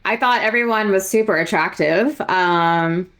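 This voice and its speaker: A woman chats on a podcast in a relaxed, conversational way. She often chimes in with short agreements while her co-host talks. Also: mid-range voice, measured pace. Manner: agreeable, frequent short backchannels. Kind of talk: casual chat.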